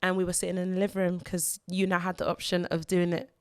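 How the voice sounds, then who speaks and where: A woman's voice: fairly low pitch, completely flat delivery, darkish tone, dry recording, clean studio sound. Earnest woman sharing a personal story. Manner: earnest, halting, repeats words when emotional. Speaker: podcast co-host and mother.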